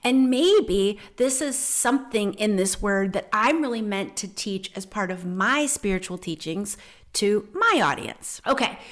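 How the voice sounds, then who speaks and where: Animated woman telling a heartfelt story. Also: medium pitch. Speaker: host of a spiritual podcast. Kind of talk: casual spiritual talk. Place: home in the Netherlands.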